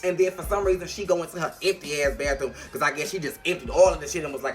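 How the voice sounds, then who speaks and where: A woman's voice: sits low, fast talker, faint music behind. Sassy, profane woman recapping a show. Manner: animated, profane, sassy, playful. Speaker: vlogger reviewing a reality show.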